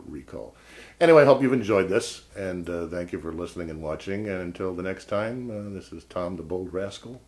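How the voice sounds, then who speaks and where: A man's voice: low voice, creaky, darkish tone. A man vlogging a casual story about an old job, rambling and wry, often breaking off mid-sentence. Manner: rambling, self-interrupting, wry.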